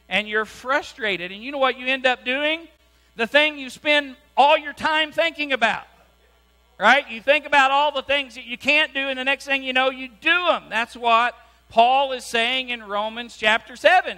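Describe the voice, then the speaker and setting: A man's voice: extremely high pitch, moderate pace. A man preaching a sermon as pastor, keeps asking the congregation "right?" in a church with a hum and long reverb. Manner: lively preaching, asks the congregation "right?" again and again. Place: church sanctuary.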